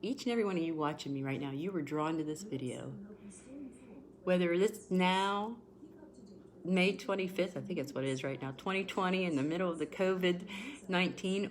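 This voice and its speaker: A woman in her forties giving an emotional, repetitive tarot reading on a livestream, greeting viewers by name as she talks. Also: lowish voice. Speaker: tarot reader.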